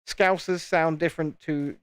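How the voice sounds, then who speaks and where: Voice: mid-range voice, steady tone, moderate pace, clean tone, dry recording, studio quality. A speaker with a Southern English home counties accent, hosting a live stream and chatting casually while building, often repeating words. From England, home counties. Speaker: livestream host.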